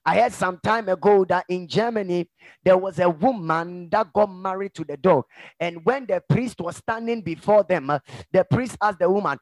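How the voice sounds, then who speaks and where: A middle-aged man preaches from the pulpit in a high, gravelly voice. He swings between quiet, confiding asides and loud, driving emphasis. The sound is close and dry, with no room echo. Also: normal speed. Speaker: pastor. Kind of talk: sermon.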